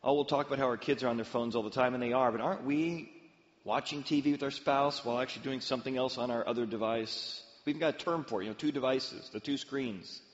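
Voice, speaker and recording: A man's voice: mid-range voice, fast, muffled recording. Man preaching in a reverberant hall. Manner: storytelling with lively acted-out voices. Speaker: pastor. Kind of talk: sermon.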